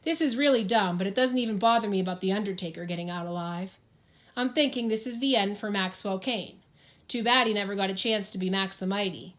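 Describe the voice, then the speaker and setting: A woman's voice: mid-range voice, fairly quick. Woman narrating a first-person audiobook.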